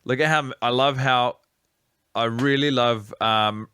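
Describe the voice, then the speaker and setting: A man's voice: mid-range voice, steady tone, unhurried, sharp tone, clean tone, dry recording, clean studio sound. A man co-hosting a podcast, chatting playfully and rambling while watching a film. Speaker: podcast co-host. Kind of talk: casual chat over a film.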